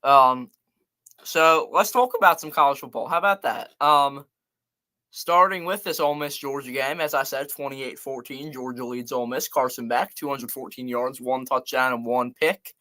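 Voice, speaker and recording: A man's voice: medium pitch, steady tone, moderate pace, sharp tone. A man hosting a casual live college football show, chatting loosely and reeling off scores and stats. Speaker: sports show host.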